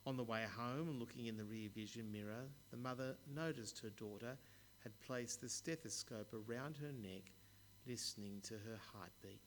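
A man preaching a sermon, telling stories in a measured way with occasional stumbles. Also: fairly low pitch, slight background noise. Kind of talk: sermon with storytelling.

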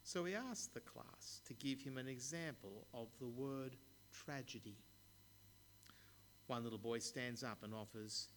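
A man preaching a sermon, telling stories in a measured way with occasional stumbles. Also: mid-range voice, fairly bright tone, slight background noise. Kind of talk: sermon with storytelling.

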